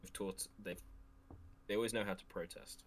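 A man's voice: lowish voice, steady tone, normal speed, slight background noise. A man co-hosting a casual podcast, joking and often tripping over his words. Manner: stumbling, playful interjections. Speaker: podcast co-host. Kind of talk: casual chat.

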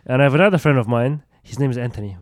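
A man's voice: mid-range voice, expressive, racing, no echo, studio quality. A man co-hosting a podcast in casual chat, rambling through his story with restarts and casual swearing. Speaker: podcast co-host.

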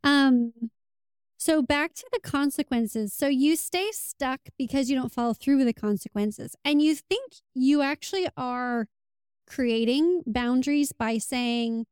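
A woman with a smooth, somewhat high voice talks through relationship advice in a casual, earnest monologue. She slips into quoted lines to make her points. The sound is close and dry. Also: unhurried, a little mellow, no room sound.

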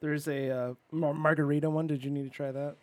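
Casting: male podcast co-host, light high voice, bouncy and jokey, dry close sound. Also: level tone, no room sound. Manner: quick, joking back-and-forth with short interjections. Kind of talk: casual chat.

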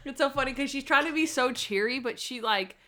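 A woman co-hosting a casual podcast chat, retelling scenes in an animated way, acting out quotes and laughing often. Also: high voice, a little fast. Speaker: podcast co-host. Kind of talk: casual chat recapping a TV episode.

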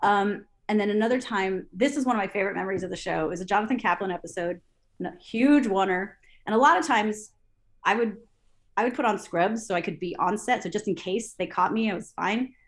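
A woman recounting television production stories in an interview, lively, acting out her own past thoughts aloud with many fillers and restarts. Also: medium pitch, a little fast. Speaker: interview guest, TV assistant director. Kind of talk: storytelling in an interview.

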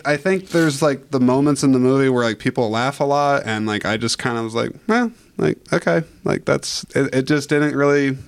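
A man's voice: mid-range voice, brisk, gravelly, few pauses. A young man hosting a podcast in a movie theater, talking casually with many restarts and easy laughs. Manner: hesitant, repeats words, laughs easily. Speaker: podcast host. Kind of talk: casual interview.

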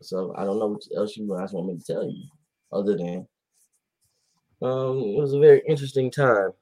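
Male host, low husky voice, rambling casual rant. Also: moderate pace. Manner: animated, rambling with fillers and quoted voices. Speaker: podcast host. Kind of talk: casual chat about basketball.

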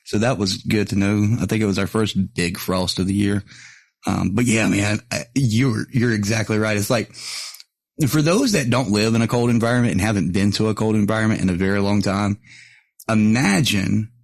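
A man's voice: on the low side, normal speed, vocal fry, no echo. A man hosting a podcast, telling crude stories casually and laughing through them. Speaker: podcast host. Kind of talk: casual chat, storytelling.

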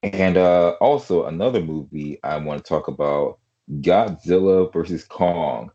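A man's voice: low voice, unhurried, mellow, husky, muffled recording. A man hosting a podcast in casual chat, rambling with lots of fillers and restarts over an online call. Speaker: podcast host.

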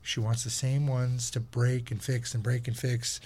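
Animated swearing man telling stories. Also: medium pitch, measured pace, husky. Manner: animated, swears freely, acts out people in his stories. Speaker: podcast host. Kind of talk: casual storytelling chat.

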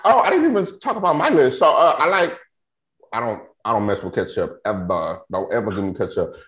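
A man hosting a podcast, chatting casually and telling stories with lively acted-out reactions. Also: medium pitch, a little fast. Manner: animated storyteller who acts out his own reactions. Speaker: podcast host. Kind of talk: casual chat. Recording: roomy echo.

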